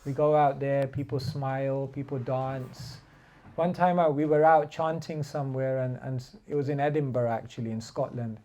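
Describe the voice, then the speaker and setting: Mellow-voiced man giving a chatty class. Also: medium pitch, steady tone, normal speed. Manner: chatty, laughing, many fillers like "like". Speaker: spiritual teacher. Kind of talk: casual sermon with storytelling.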